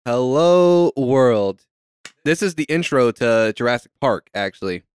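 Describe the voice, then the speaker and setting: A man's voice: mid-range voice, expressive, measured pace, smooth, no echo. A young man hosting a casual movie commentary track, laid-back and profane, laughing often.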